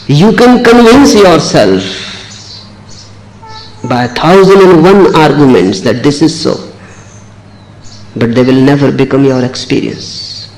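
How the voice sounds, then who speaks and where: A man delivers a spiritual discourse at an unhurried pace, each short phrase landing with weight. His pitch sits in an ordinary middle range. A faint hiss runs behind the old recording. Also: expressive, darkish tone, low-quality recording. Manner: slow, deliberate, emphatic short phrases. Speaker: spiritual teacher.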